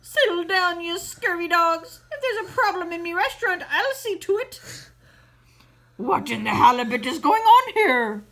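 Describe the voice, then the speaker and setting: A woman plays a gruff old male crab who runs a restaurant, growling in old-sailor talk. The voice is pushed down yet stays bright. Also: very high-pitched, big pitch swings, normal speed, pitched above the performer's own voice, heavily acted.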